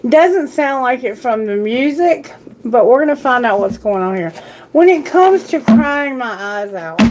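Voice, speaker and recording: A woman hosts a live tarot reading in an unhurried, deliberate way, her voice sitting a little high. She talks earnestly and sympathetically to her viewers and to Spirit. A faint background noise runs under her voice. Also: expressive, darkish tone. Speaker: tarot reader.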